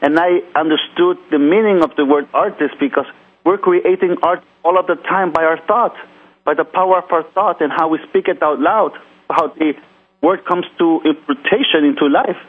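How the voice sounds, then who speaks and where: A man's voice: on the high side, moderate pace, breathy edge. A man telling his life story in an earnest, reflective talk, often restarting his sentences. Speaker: guest author. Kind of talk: reflective conversation about personal growth. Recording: tinny phone-like radio audio.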